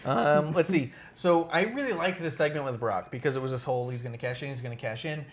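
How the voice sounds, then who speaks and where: A man co-hosting a wrestling chat podcast, talking casually and loudly, with jokey outbursts. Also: a little high, quick pace, a little hiss or hum. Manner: loud, jokey, bursts into shouts and mock singing. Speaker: podcast co-host.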